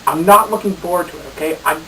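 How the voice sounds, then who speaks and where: A man rants about a game from his own room, cursing freely and tripping over his words. His voice is a little higher than average and sits back from the microphone. A faint hiss runs under everything. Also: quick pace, sharp tone. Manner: exasperated, swearing, stammering restarts. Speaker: game reviewer host. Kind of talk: on-camera venting to viewers. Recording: distant mic with hiss.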